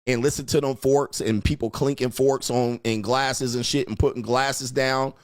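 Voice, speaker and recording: Blunt male advice host, crude and mocking, mid-pitched voice, dry close sound. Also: fairly even intonation, normal speed, no room sound. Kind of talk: profane commentary rant reacting to comments.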